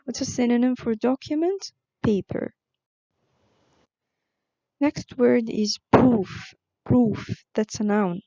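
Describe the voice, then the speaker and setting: A woman teaching an online vocabulary lesson, explaining words slowly with frequent fillers. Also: a little high, dark tone, no room sound, muffled recording. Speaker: English teacher.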